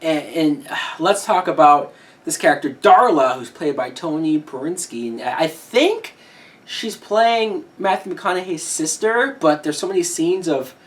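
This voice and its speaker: A woman reviewing a movie in a heated, profane rant, with sudden shouted peaks. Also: low-pitched, animated, unhurried, distant mic. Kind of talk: ranting film review.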